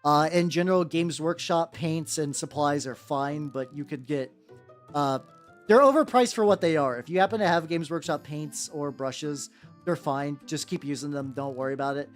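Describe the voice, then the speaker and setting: A man streaming while he paints miniatures, chatting casually with viewers in an animated, rambling way and repeating his greetings. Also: fairly high pitch, moderate pace. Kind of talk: casual livestream chat. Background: faint background music.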